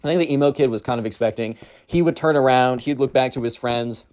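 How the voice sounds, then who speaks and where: A man's voice: medium pitch, quick pace, a little mellow. A man telling a story to his viewers in a casual, rambling way, with a mid-range voice. He talks loosely and fills his sentences with filler words. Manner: rambling, full of fillers like "like" and "bro". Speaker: storytime YouTuber.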